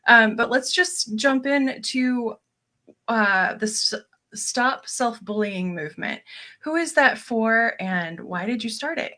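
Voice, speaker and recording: A woman hosts an interview, introducing her guest and leading into the questions. Her voice is bright and forceful, and she asks in an encouraging tone. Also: a little high, slow pace. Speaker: host. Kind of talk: interview hosting.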